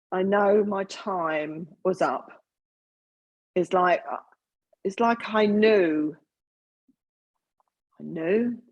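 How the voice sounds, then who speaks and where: A woman giving a spiritualist mediumship reading in a halting, earnest way full of fillers and restarts. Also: fairly low pitch, husky.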